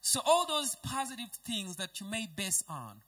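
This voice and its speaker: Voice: mid-range voice, sing-song, normal speed, fairly bright tone, long reverb tail. An interpreter relaying a sermon phrase by phrase right after the preacher, sometimes restarting words.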